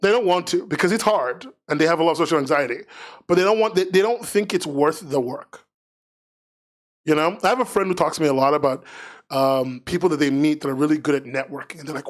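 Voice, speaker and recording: A man's voice: a little high, moderate pace. A man streaming live, chatting casually in a rambling, frank, self-mocking way. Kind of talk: casual livestream chat.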